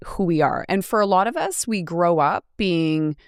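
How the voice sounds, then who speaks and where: A woman in her late forties with a notably low voice, speaking as a podcast co-host. She talks in a thoughtful, reflective way, pausing on fillers. The recording is dry and close. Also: expressive, clear, resonant tone, no room sound. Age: 40s. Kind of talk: casual conversation.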